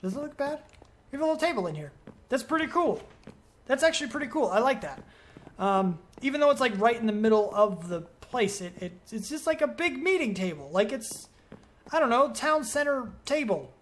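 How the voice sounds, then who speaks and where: A man's voice: extremely high pitch, big pitch swings, brisk, a bit bright. A man giving let's play commentary as a gaming video creator, rambling and thinking aloud as he questions himself.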